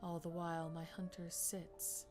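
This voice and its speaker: Woman streamer, slow hushed dramatic read of a story game, faint music underneath. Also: on the low side, completely flat delivery. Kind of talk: dramatic reading of a visual novel.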